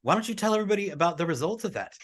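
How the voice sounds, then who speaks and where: A man's voice: sits high, lively intonation, rapid-fire. A man co-hosting a casual podcast, upbeat and talking with easy fillers and restarts. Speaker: podcast co-host.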